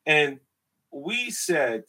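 A man's voice: a little high, drawn-out words, low-quality recording. A man with an Iranian accent, a podcast guest telling stories in a casual, emphatic way. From Iran. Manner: animated, emphatic storytelling. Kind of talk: casual conversation.

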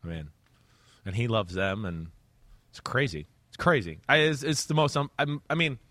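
A man's voice: medium pitch, normal speed, dry recording. A man co-hosting a sports talk show as a former player, talking loosely and acting out what players think. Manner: animated, loose, acts out players' thoughts.

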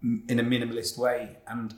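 A man's voice: mid-range voice, monotone, a little fast. A man hosting a podcast, chatty and joking with lots of fillers. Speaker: podcast host. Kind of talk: casual podcast chat.

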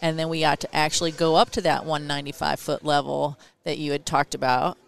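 A middle-aged woman, an astronaut's wife, telling a story in a casual, easygoing chat with frequent pauses. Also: deep voice, little pitch movement, vocal fry. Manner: chatty, easygoing, with frequent ums.

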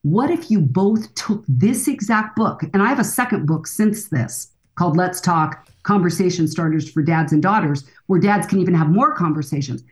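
A woman's voice: lowish voice, lively intonation, normal speed, few pauses. A woman in her sixties, a counselor and author, speaking earnestly and emphatically as a guest in a podcast interview. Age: 60s.

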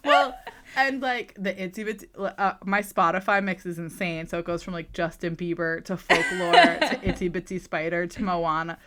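A woman's voice: on the low side, moderate pace, background noise. A woman co-hosting a podcast, chatting in a rambling way and laughing often, while she is ill and on medication. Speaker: podcast co-host. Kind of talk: casual chat.

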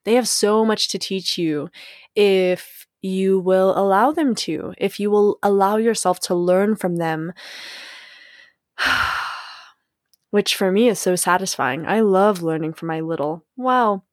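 A woman's voice: mid-range voice, takes it slowly, darkish tone, dry recording, clean studio sound. A young woman hosting a podcast alone, talking casually in a playful, giggly way, full of likes and you knows. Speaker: podcast host. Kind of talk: casual solo podcast monologue.

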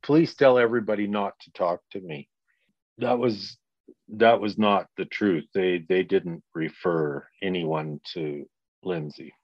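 A man in his sixties speaks candidly as a guest, blunt and sprinkled with swearing. His voice sits low, and the audio sounds dull and dry with no room around it. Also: steady tone, unhurried, dry recording. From Canada. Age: 60s. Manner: blunt, profane, acts out quoted people in raised voices. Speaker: guest, victim's father. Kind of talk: candid interview.

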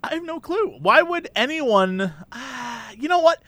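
A man with a high, lively voice chats on a podcast, playful and quick with jokes. His pitch swings widely as he mugs through bits. The recording is close and dry. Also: dry recording. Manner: animated, jokey, puts on voices for bits. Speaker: podcast co-host. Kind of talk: casual chat.

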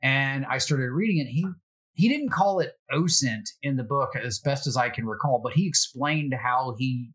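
A middle-aged man recounts his work exploits in easy, self-deprecating storytelling. He pauses on fillers and keeps things conversational, with a plain, mid-range voice. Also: mid-range voice, a bit bright. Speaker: security guest. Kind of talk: casual storytelling.

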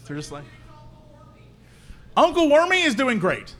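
High-voiced guy on a live podcast, super animated, jokey over-the-top riffs. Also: measured pace. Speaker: podcast co-host. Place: live venue stage.

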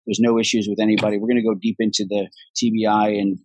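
A man being interviewed as an actor guest, telling stories in a casual, profane, animated way and acting out what others said. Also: lowish voice, fast, dry recording, low-quality recording.

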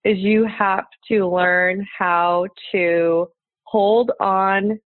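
A woman's voice: medium pitch, fairly even intonation, extremely slow, dry recording. Woman coaching over a tinny line. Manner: encouraging, earnest advice-giving. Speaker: dating coach, podcast guest. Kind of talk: conversational interview. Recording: tinny phone-like line, dry.

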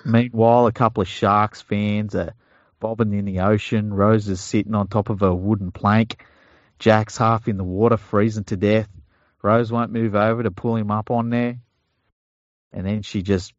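Homme australien grave, ton de blague décontracté. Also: male voice, fairly low pitch, steady tone, moderate pace, no room sound. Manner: joking, rambling, bursts into mock voices. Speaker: podcast co-host. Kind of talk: casual sports chat. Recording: dull, dry home podcast mic.

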